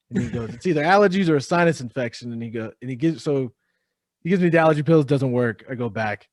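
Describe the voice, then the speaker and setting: A young man co-hosting a podcast in casual chat, animated, cursing freely and imitating the people in his stories. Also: medium pitch, fast talker, no echo, studio quality. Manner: animated, swears a lot, imitates others. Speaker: podcast co-host.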